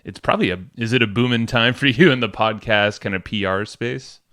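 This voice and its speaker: A man's voice: mid-range voice, fairly quick, fairly bright tone. A man co-hosting a podcast in casual chat, playful and joking, often laughing. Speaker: podcast co-host.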